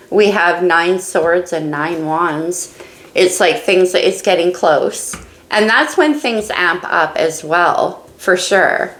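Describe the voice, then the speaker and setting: A woman's voice: lowish voice, vocal fry, reverberant, poor audio. A woman doing a casual tarot reading, musing and thinking aloud as she turns each card. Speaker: tarot reader.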